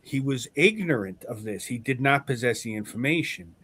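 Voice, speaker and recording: A man hosting a podcast in casual chat, telling an animated story with swearing, then arguing his point earnestly. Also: medium pitch, normal speed, breathy edge. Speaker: podcast host.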